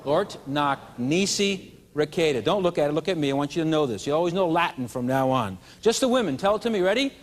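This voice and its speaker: A man's voice: fairly high pitch, lively intonation, racing, few pauses. A man training teachers in a live seminar, playful and drawing the adult audience into call-and-response. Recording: long hall reverb.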